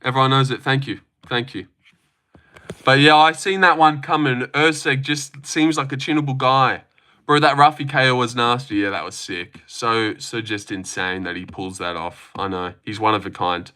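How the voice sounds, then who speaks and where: A man's voice: medium pitch, normal speed, sharp tone, smooth. A man hosting a live stream, reading chat messages aloud and answering with crude jokes and boasts. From Australia.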